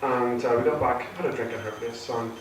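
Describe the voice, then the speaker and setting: A man's voice: mid-range voice, steady tone, fairly quick. Man, nervous stand-up comic, echoey distant hall sound, audible noise. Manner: nervous, rambling, many fillers and restarts. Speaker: stand-up comedian. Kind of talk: stand-up comedy set. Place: theatre stage with a live audience. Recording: echoey hall recorded from far off.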